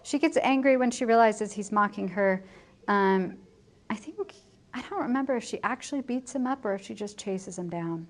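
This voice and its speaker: A woman's voice: mid-range voice, normal speed. A woman teacher giving a casual, chatty plot summary to her students, correcting herself as she goes and lightly acting out the lines. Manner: chatty, self-correcting, acts out quotes lightly. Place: school building at lunchtime.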